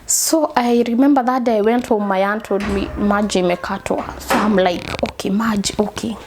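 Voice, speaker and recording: A young woman with a Kenyan accent telling a personal story in halting speech, slipping into Swahili phrases and repeating herself. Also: mid-range voice, fairly even intonation, background noise. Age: young adult. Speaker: interviewee. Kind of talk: personal testimony.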